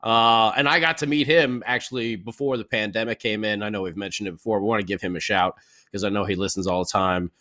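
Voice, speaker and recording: A man co-hosting a casual sports podcast, relaxed, reading out viewer comments and laughing along. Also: lowish voice, fast talker, dry recording, clean studio sound. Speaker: podcast co-host.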